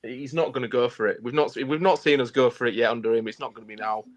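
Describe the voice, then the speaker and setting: Blunt male co-host, middle pitch, talks in restarts and repeats. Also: fast, lo-fi sound. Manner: blunt, repeats words while thinking. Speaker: podcast co-host. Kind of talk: casual football chat.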